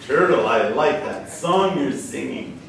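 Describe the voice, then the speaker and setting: A man voicing a sly, hungry fox who wants to eat a turtle, speaking in a smooth, coaxing tone. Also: medium pitch, expressive, measured pace, fairly bright tone, voice pushed down. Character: sly hungry male fox, greedy and gullible. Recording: echoey hall from far off, noisy.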